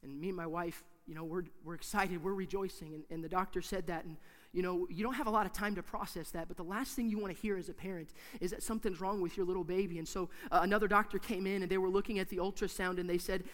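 A man preaching a sermon in a church, emphatic and repetitive, swinging from hushed to loud. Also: sits high, fairly even intonation, fast, long reverb tail.

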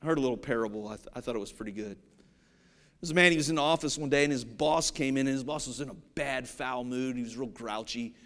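A man preaching a sermon, animated and storytelling, acting out the people in his stories. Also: mid-range voice, fast. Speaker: pastor.

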